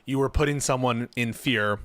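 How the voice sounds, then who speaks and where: A man's voice: mid-range voice, normal speed, a bit bright, no room sound. A man hosting a stream, reacting casually and thinking aloud about a legal question. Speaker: streamer host.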